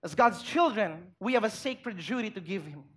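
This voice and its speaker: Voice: mid-range voice, lively intonation, moderate pace, a bit bright, breathy edge. A pastor preaching a sermon in church, making emphatic points and putting rhetorical questions to the congregation.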